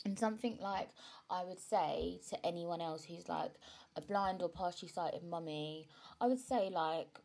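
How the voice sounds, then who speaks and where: A woman's voice: fairly low pitch, normal speed, gravelly, darkish tone. A young woman, chatting frankly and emotionally to camera, with plenty of fillers and swearing. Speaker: vlogger, mother. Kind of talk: casual chat to camera.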